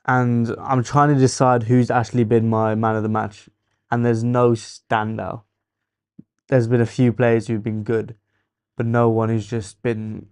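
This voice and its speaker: A young English-accented man hosts a casual football watchalong stream, teasing viewers and thinking out loud. His mid-range voice has a clean tone, recorded dry with clean studio sound.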